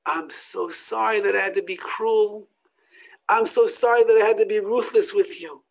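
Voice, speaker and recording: A preacher voicing a male smuggler who threatens sharply, then speaks hushed and remorseful, in a retold story. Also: mid-range voice, moderate pace, vocal fry, poor audio. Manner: threatening shouts, later hushed apologies.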